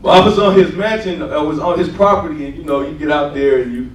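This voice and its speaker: A man's voice: a little high, steady tone, fast talker, reverberant, recorded from a distance, poor audio. A man preaching a sermon and telling his testimony, with conversational asides, often checking in with "right?". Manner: call-and-response asides, repeats "right?". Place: church sanctuary.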